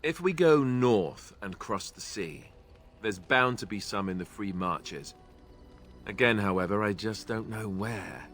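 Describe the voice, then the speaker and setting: Young ex-templar warden in a game, british accent, low-ish voice, dry and a bit self-deprecating, faint music behind. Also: male voice, lively intonation, measured pace, fairly bright tone. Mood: wry. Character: young male Grey Warden, former templar, wry. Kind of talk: video game dialogue.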